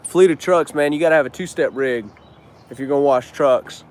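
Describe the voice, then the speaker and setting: A trainer and business owner runs a casual live stream, responding to viewer questions in a loose, slang-filled way with plenty of cussing. His voice is a little high and fairly quick.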